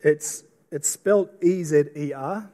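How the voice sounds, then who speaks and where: A middle-aged Australian pastor preaches slowly and earnestly in a church auditorium, his warm voice pitched slightly high. He often repeats and restarts his words, and the long reverb of the church hall carries his voice.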